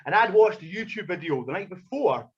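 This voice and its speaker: A man's voice: sits high, fairly quick, slightly rough, lo-fi sound. Man swearing through a wrestling story. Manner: profane, animated storyteller acting out quotes. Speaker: wrestler and podcast regular. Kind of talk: casual storytelling chat.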